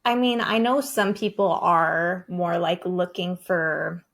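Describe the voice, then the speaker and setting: A woman's voice: fairly low pitch, steady tone, takes it slowly, vocal fry, a bit bright. A woman around thirty, a breathwork coach on a podcast, talking in a chatty way with lots of 'like' and casual swearing.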